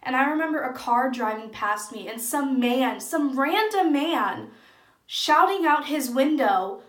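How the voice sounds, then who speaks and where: Slow, high-voiced young woman vlogging. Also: animated. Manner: earnest, open and soft-spoken. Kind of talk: personal vlog monologue. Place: echoey room at home. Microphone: camera in front of speaker. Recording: echoey room.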